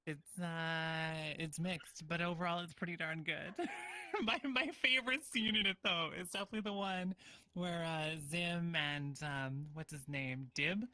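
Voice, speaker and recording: A woman's voice: lowish voice, steady tone, a little slow, bright, forceful tone. A woman streamer hosting a casual hangout chat, rambling with restarts and light laughs. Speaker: streamer host.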